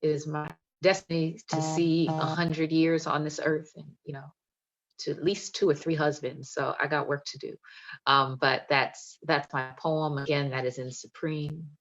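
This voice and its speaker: A woman's voice: deep voice, level tone, moderate pace, lo-fi sound. A woman poet reading her poems with emphatic, playful delivery and chatting between them over a video call. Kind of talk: poetry reading and chat.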